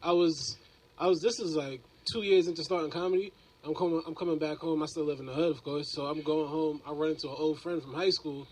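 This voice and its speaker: High, rapid-fire comedian man. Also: steady tone, darkish tone, slight background noise, low-quality recording. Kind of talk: casual chat.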